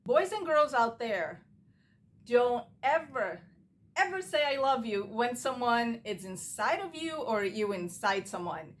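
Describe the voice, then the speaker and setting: A woman's voice: a little high, sing-song, unhurried. A woman giving a casual, opinionated TV recap, talking straight to camera and acting out quotes with animation. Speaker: TV recap vlogger.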